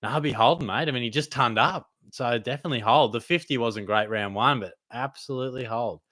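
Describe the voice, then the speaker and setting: This young Australian man hosts a laid-back live stream Q&A about fantasy football, answering viewer questions in a blokey way and calling them mate. He has a medium-pitched voice, talks a little fast, and the recording is dry.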